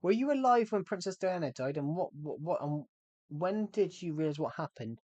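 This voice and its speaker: A man's voice: on the high side, animated, moderate pace, a little mellow, dry recording. A young man hosting a live game stream, chatting with friends in a rambling, joking way and tripping over his words. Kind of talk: casual gaming stream chat.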